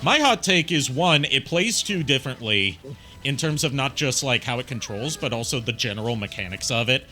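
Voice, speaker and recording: Bright-voiced man rambling on a stream. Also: mid-range voice, animated, moderate pace. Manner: rambling, swears casually, laughs at own jokes. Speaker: stream guest. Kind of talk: casual game-stream chat.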